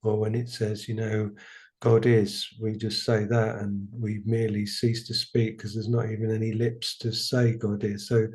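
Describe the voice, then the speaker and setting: A man's voice: fairly low pitch, flat delivery, moderate pace, darkish tone. A man hosting a spiritual podcast, speaking thoughtfully and searching for his words as he explains ideas. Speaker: podcast host. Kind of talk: reflective spiritual conversation.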